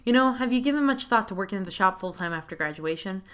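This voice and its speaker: A woman voicing a friendly, easygoing middle-aged male mechanic who teases and jokes in a relaxed way. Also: medium pitch, fast, smooth, close to an everyday voice.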